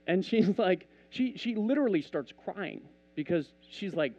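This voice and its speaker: A man's voice: high-pitched, moderate pace, hardly any pauses, muffled recording. A man preaching a casual, conversational sermon, telling stories and acting out bits of dialogue. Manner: animated, conversational, acts out dialogue.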